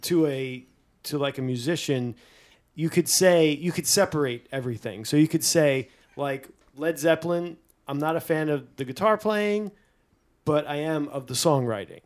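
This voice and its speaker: A man's voice: a little high, normal speed. A man on a podcast earnestly explaining his view on music, in long rambling sentences. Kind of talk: casual chat.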